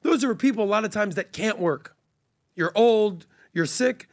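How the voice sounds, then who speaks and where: A man's voice: high voice, moderate pace, vocal fry, no echo, studio quality. A man speaking as a podcast guest in a casual debate, blunt and full of questions.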